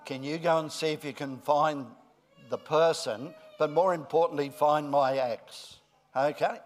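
A middle-aged male pastor giving a friendly children's talk, then a deliberate sermon. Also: fairly high pitch, fairly even intonation.

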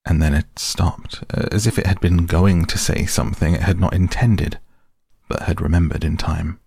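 Deep, gravelly male narrator for a measured storybook read. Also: steady tone, a little mellow, no room sound, clean studio sound. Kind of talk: scripted audiobook narration.

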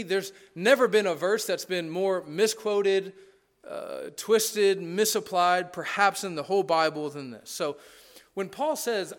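A man's voice: sits high, measured pace. A man preaching a sermon as pastor, in a conversational, emphatic manner that often checks in with the congregation and stacks parallel phrases.

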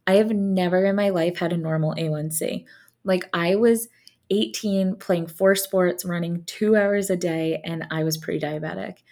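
A young adult woman co-hosting a podcast in casual chat, talking quickly and laughing often. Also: on the low side, steady tone, darkish tone. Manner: chatty and bubbly, laughs often. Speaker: podcast co-host.

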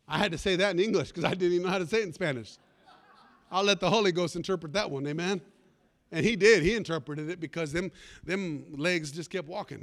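A man pastor preaching a sermon, telling a comic story with animated delivery and sudden shouts. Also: a little high, quick pace.

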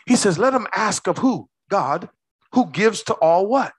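A man preaching a sermon as pastor, quizzing his congregation with quick questions and slowing down hard to stress key words. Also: high voice, animated, breathy edge, no echo. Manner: call-and-response questions to the congregation.

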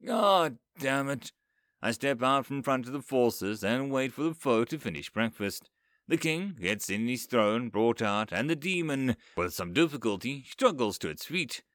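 A man's voice: normal speed, no room sound, studio quality. A man narrating a comic first-person fantasy story, voicing its characters as he goes. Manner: lively storyteller, raising pitch for quoted characters.

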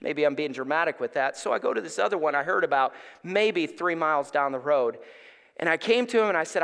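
A man preaches a lively sermon, telling stories with energy that swells toward near-shouts. His voice sits high and sounds bright and forceful. It rings with the long reverb of a church sanctuary, picked up by a stage microphone. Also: brisk, gravelly. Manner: animated storytelling, rising to near-shouts. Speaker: pastor.

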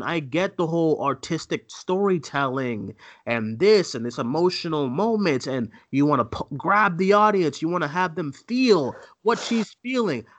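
A man co-hosting a casual movie podcast, ranting and mimicking voices as he talks. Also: high voice. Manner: animated, ranting, mocking voices. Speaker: co-host.

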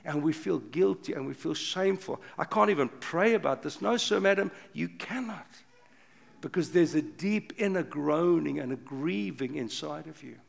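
An older man preaching an impassioned sermon, swinging from loud urgent bursts to hushed low passages. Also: expressive, normal speed, gravelly. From South Africa. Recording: long reverb of a big hall.

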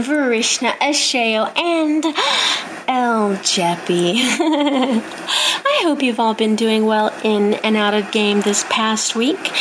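Brief: female listener, bubbly giggly delivery, noisy home recording. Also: mid-range voice. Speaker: listener contributor. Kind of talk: recorded message to a podcast.

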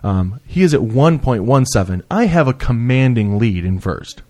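A man's voice: medium pitch, big pitch swings, normal speed, a little mellow. A man hosting a casual comedy podcast, joking and swearing as he teases his guests. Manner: profane, joking, teasing. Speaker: podcast host.

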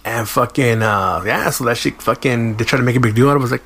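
A man's voice: mid-range voice, fast, fairly bright tone. A man, hosting a podcast and telling a long, profane, slangy story in a casual way. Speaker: podcast host.

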